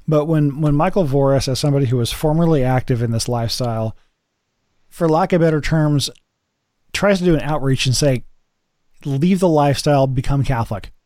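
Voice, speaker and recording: A man co-hosting a podcast, talking in a halting way as he searches for words. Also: mid-range voice, a little mellow, no room sound, clean studio sound. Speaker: podcast co-host. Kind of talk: podcast discussion.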